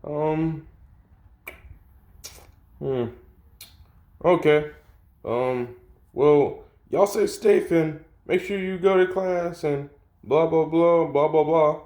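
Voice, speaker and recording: A man voicing a cheerful, booming adult male superhero, loud and exaggerated in a raised voice. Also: very slow, long pauses. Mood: flustered cheer. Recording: echoey room.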